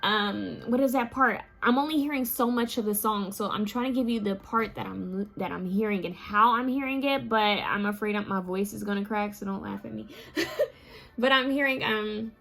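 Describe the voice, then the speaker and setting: A woman who has just woken up, giving a relaxed pick-a-card tarot reading and musing aloud to her viewers. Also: mid-range voice, normal speed, creaky. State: just woke up. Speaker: tarot reader.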